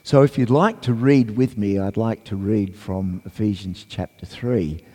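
Slow, croaky man preaching in a reverberant hall. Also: fairly low pitch. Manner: hesitant, many fillers, then rises into loud fervent reading. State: croaky voice from a cold. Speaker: guest preacher. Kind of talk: sermon with scripture reading and prayer. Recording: long church reverb.

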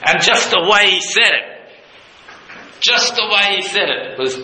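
A male preacher giving a sermon, retelling a scene with passion, dropping low and quiet and then leaping high with excitement. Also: normal speed. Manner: impassioned, leaps from low intimacy to high excited pitch. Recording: echoey room with faint noise.

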